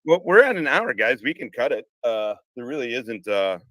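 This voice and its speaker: A man's voice: mid-range voice, very animated, normal speed, a bit bright, no room sound, rough recording. A man hosting a live conversation, talking casually with lots of swearing and restarts. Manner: swears a lot, rambling with restarts. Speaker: podcast host. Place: home room, car parked outside.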